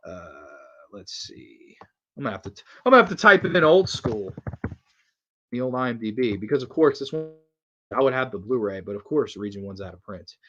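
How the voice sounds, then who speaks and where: A young man hosting a casual horror film review, rambling and swearing freely, excited by what he talks about, sometimes answering live chat. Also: medium pitch, dull audio. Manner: rambling, profane and enthusiastic, reacts to live comments.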